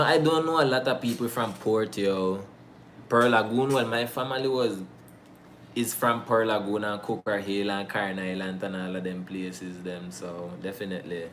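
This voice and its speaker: A man's voice: on the low side, a little hiss or hum. Joking Creole-accented man chatting. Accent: Nicaraguan Creole English of Bluefields. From Bluefields, Nicaragua. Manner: slangy and joking, with laughs. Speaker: vlogger answering viewer questions. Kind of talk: casual chat.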